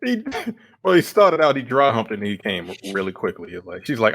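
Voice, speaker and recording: A man co-hosting a casual film review podcast, tossing in laughing asides and quick questions. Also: lowish voice, big pitch swings, creaky, a bit bright. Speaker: podcast co-host.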